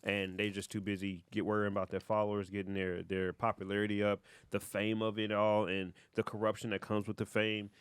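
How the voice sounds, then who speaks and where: A man's voice: on the low side, monotone, brisk, hardly any pauses, clear, resonant tone, no room sound. A man co-hosting an anime podcast, laid-back and chiming in with short agreements in casual chat. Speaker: podcast co-host.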